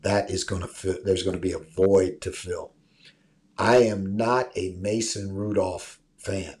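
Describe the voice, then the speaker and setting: Man, sports host, low voice, emphatic, casual chat, remote mic. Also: little pitch movement, measured pace, darkish tone. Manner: emphatic, repeats "right?" often. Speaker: show host. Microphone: remote call mic.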